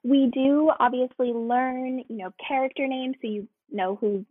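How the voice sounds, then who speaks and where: An American woman talks about her theme park job in an easygoing, self-deprecating way, laughing at herself often. Her voice sits a little high and sounds slightly husky. It comes through a thin, phone-like call with a dry sound. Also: fairly even intonation, a little slow, dry recording. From United States. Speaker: guest, theme park entertainment cast member. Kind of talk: casual interview. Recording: tinny phone-like line.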